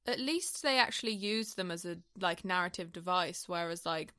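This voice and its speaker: A woman's voice: lowish voice, moderate pace, pushed and bright, clear, resonant tone, no room sound, clean studio sound. A woman co-hosting a podcast, recapping a TV episode with playful banter and frequent laughter. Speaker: podcast co-host. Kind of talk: casual chat recapping a TV episode.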